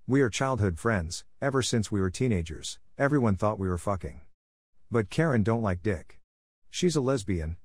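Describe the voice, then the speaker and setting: A man calmly narrating a first-person story in a plainspoken, unhurried way. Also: on the low side, no echo, clean studio sound. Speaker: audiobook narrator.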